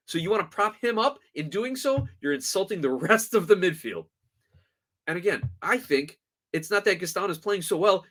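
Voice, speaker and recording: Male sports podcast host, slightly high voice, very animated, sarcastic and fed up. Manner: exasperated, sarcastic, emphatic. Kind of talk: opinionated sports podcast rant.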